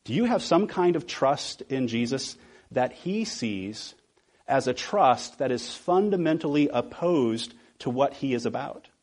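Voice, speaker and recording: A male pastor preaching a sermon, asking the congregation rhetorical questions and slowing down to stress key words. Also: medium pitch, animated, darkish tone.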